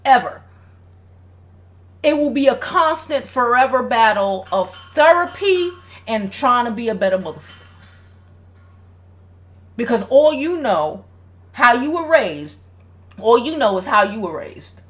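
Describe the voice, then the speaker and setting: A woman's voice: a little high, very animated, a little slow, long pauses, fairly bright tone. A woman hosting a casual advice livestream, speaking bluntly with a lot of swearing and reading viewer comments aloud. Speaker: relationship advice host.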